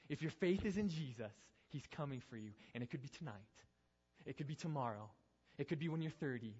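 A man preaches a sermon with a slightly raised voice, leaning on rhetorical questions and repeated lines. His voice rings out with long reverb in a large hall. The sound is dull and lo-fi. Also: on the high side. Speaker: pastor.

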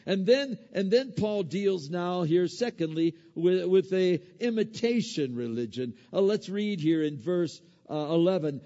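A man's voice: high voice, expressive, a little slow, warm tone. A man preaching a sermon as a pastor, talking in an easy conversational way with many fillers, restarts and joking asides. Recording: echoey hall, dull lo-fi sound.

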